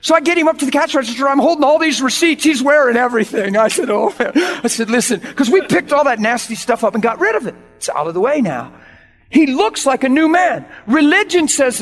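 A man's voice: very high-pitched, fairly quick, in a large hall, faint music behind. A man preaching a storytelling sermon, acting out the people in his story and laughing often. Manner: animated, acts out dialogue, laughs often.

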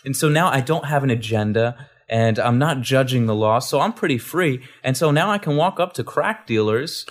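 A man's voice: medium pitch, lively intonation, moderate pace. Rambling man telling a ministry story. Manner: rambling, full of restarts. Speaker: guest minister. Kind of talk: storytelling testimony.

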